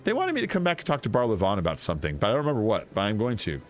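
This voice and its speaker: A man chatting excitedly while streaming a video game, rambling and laughing often. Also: fairly low pitch, rapid-fire, faint music behind. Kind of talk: casual gameplay commentary.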